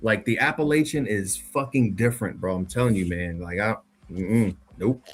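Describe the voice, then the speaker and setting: A man's voice: fairly low pitch, normal speed, a little hiss or hum. A man telling a spooky story in a loose, profane, slang-heavy casual chat, talking directly to his co-host. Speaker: podcast co-host.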